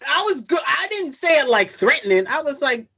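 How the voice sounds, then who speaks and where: A woman hosting a casual video-call chat, telling a story with lively laughter and acted-out quotes. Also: sits high, brisk, creaky, a loud crowd. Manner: animated storyteller, laughs often, acts out quotes. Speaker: host.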